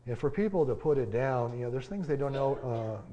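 A man preaching a sermon in a casual, halting way, with lots of fillers and the odd folksy joke. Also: mid-range voice, expressive, dark tone, lo-fi sound. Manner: conversational, halting, many fillers and restarts; folksy, joking aside.

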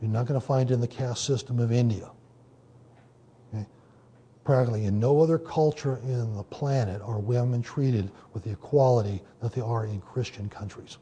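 A man preaching a sermon in a conversational teaching manner, often pausing with "okay" and "you know". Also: medium pitch, dark tone, husky. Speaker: pastor.

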